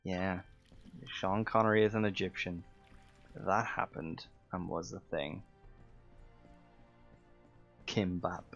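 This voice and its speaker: A man's voice: low-pitched, steady tone, measured pace, a bit bright, dull audio, faint music behind. An Irish man chatting casually while he plays a game on stream. He rambles a little and uses many fillers. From Ireland.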